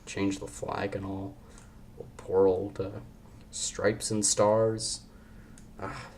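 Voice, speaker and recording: A man's voice: deep voice, flat delivery, extremely slow, a little mellow, slight background noise. A young man hosting a podcast in casual chat, rambling and joking, often cutting himself off mid-sentence. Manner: rambling, jokey, self-interrupting. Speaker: podcast host.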